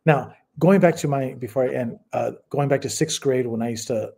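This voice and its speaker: A man's voice: medium pitch, brisk, gravelly, darkish tone, slightly rough. A man co-hosting a casual podcast chat, a rambling storyteller who stops and restarts often. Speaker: podcast co-host.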